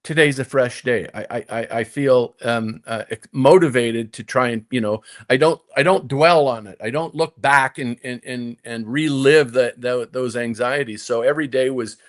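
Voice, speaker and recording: A man's voice: mid-range voice, normal speed, hardly any pauses. An older man, a former touring golfer, telling a long story in casual conversation, with many repeated restarts, acting out his own inner voice. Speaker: guest, former tour golfer.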